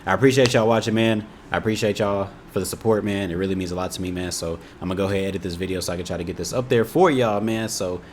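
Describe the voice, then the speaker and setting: A man's voice: low-pitched, steady tone, rapid-fire, few pauses, slight background noise. Laid-back young man with an Indiana accent. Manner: laid-back, rambling, often says "you know what I'm saying". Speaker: YouTuber reacting to a video. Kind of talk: casual storytelling and chat.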